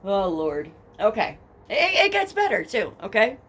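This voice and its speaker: Young woman with a Jersey accent as a casual true crime host, blunt, sarcastic, swears freely, medium pitch. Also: wildly swooping pitch, a little slow, fairly bright tone, breathy edge. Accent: New Jersey. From New Jersey. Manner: blunt, profane and sarcastic, reads case documents then mocks them. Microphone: headphones with a home mic.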